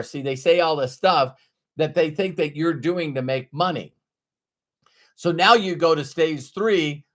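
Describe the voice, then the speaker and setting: Slow, emphatic motivational speaker man. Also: fairly high pitch, fairly bright tone. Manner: emphatic, repeats key phrases. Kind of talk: motivational talk to camera.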